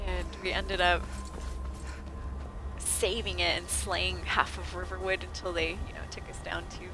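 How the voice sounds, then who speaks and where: A woman streaming a video game, chatting to viewers and excitedly shouting at characters. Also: lowish voice, measured pace, slight background noise. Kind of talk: live gameplay commentary.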